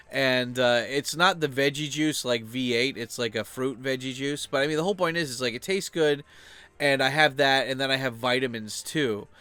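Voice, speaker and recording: A man's voice: mid-range voice, pushed and bright, smooth, no room sound. A young man talking casually on his own channel, rambling loosely with lots of filler words. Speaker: channel host.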